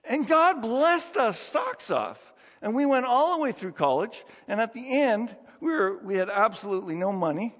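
A middle-aged man preaching a sermon in an animated, conversational way, full of rhetorical questions. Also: extremely high pitch, normal speed, hardly any pauses. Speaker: pastor. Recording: dull, reverberant hall sound.

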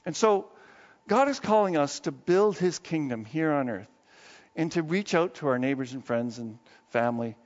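A male pastor preaching a sermon in a conversational, animated way, dropping to low asides and then rising into excited bursts. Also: vocal fry. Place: church sanctuary. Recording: long hall reverb, dull muffled sound.

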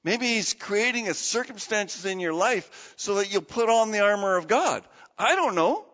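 A male pastor giving an animated, dramatic sermon in a church and asking the congregation questions. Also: sits high, normal speed, in a large hall, lo-fi sound.

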